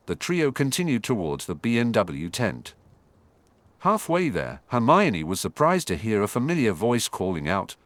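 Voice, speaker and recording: A man narrating a fan fiction audiobook in a steady storytelling manner. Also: fairly low pitch, normal speed, no room sound.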